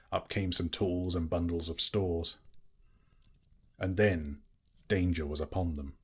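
A man narrating a fantasy story aloud in a slow, measured, dramatic reading. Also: sits low, slightly rough. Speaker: audiobook narrator.

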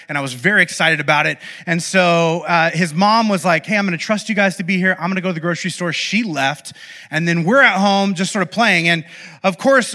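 A man giving a humorous storytelling sermon, animated and self-deprecating, with quick asides to the congregation, on a stage mic in a church hall. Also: high voice. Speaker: pastor. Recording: live sermon in a reverberant hall.

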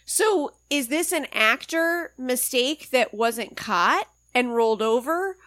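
A woman's voice: high voice, animated, slow, a bit bright, dry recording. Musing woman co-hosting a podcast. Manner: questioning, thinks aloud with fillers. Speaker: podcast co-host. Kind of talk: casual chat recapping a TV episode.

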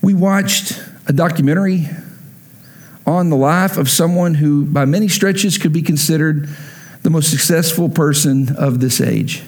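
A man with a fairly high voice preaches in a church. He is animated and playful, acts out the scenes he describes and drops in humorous asides. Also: measured pace. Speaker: pastor. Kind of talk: sermon.

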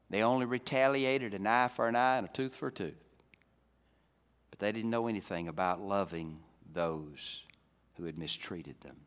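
A man preaching a sermon, swinging from loud, emphatic climaxes down to soft, low passages. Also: moderate pace. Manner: dynamic, rising to loud emphatic peaks then dropping soft. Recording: reverberant hall.

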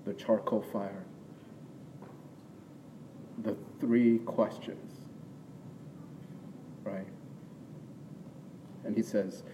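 This pastor's sermon comes through lo-fi and distant, with long hall reverb, faint ambience, and slight background noise. His mellow, lowish voice draws out words and pauses often, staying conversational with frequent "right?" asides before rising into emphatic bursts.

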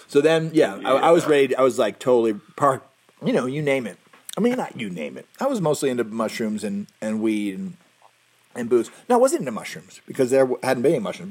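A middle-aged man recounts a personal story in a loose, conversational way. His voice has a husky, slightly breathy edge. He restarts and corrects himself often. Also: lowish voice. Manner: rambling, self-correcting, with laughs and restarts.

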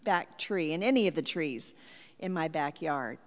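Woman preacher voicing a gently firm older neighbor woman; slow, reverberant church hall. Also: sits low, expressive, voice pushed down. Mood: kind. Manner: gentle, forgiving.

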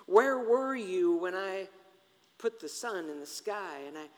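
A man voicing God as a stern deity who questions a mortal, slow and grave, in a large reverberant hall. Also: high voice, expressive.

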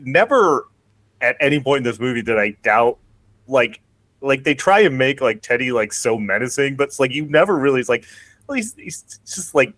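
A man co-hosting a podcast, chatting casually and halting with lots of fillers and restarts. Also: medium pitch, fairly bright tone, no room sound. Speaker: podcast co-host. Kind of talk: casual chat.

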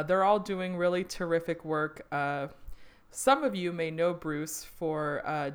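Low-voiced woman co-hosting a casual podcast. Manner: relaxed, filler-heavy, laughs easily. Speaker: podcast co-host. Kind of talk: casual chat.

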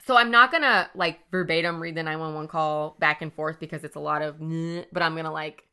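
A woman with a fairly low but bright, crisp voice narrating a story for a podcast. She talks loosely and casually, leaning heavily on "like" as she retells events. The delivery is conversational. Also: steady tone, fast talker. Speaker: podcast host.

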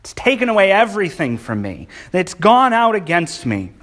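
A man's voice: high voice, wildly swooping pitch, normal speed, fairly bright tone. A male preacher giving a sermon, speaking emphatically and reading scripture with feeling. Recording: long hall reverb.

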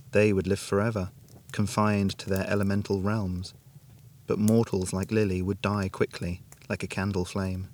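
Man, lowish voice, steady storybook narration, measured reading. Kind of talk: scripted narration.

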